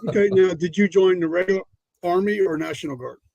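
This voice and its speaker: A podcast host interviewing a guest with short, direct questions. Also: male voice, high-pitched, fast talker, gravelly, a little mellow, muffled recording.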